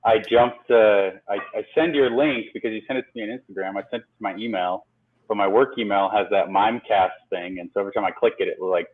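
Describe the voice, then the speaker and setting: Rambling male co-host on a thin phone line, low voice. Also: fast. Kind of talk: casual chat over a call.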